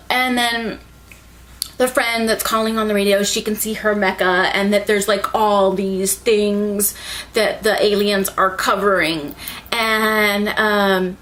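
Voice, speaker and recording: A young woman rambling excitedly through an anime recap, full of "like" and swearing. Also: mid-range voice, slow pace. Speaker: anime reviewer.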